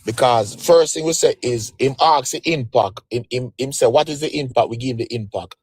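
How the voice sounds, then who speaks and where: A man with a Jamaican accent answering dismissively in a live stream debate, pausing on fillers. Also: medium pitch, darkish tone, slightly rough. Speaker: debate caller.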